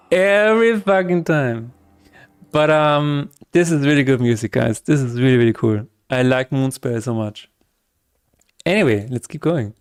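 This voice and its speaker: Chatty man with a smooth voice. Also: mid-range voice, unhurried. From Austria. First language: German. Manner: chatty, laughs often, reads chat aloud. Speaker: game developer streamer. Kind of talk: casual livestream chat.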